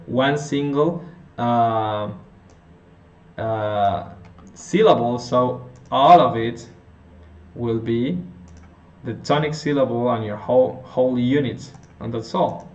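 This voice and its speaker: A man teaching an intonation lesson, working through example sentences slowly, often restarting and correcting himself. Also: mid-range voice, lo-fi sound. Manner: slow, halting, with frequent restarts and self-corrections. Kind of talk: phonetics lesson explanation.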